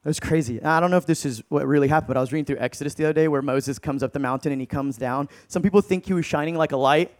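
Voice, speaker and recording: A man in his thirties preaching a sermon, telling stories in an animated, casual way with slang. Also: a little high, racing, few pauses. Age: 30s.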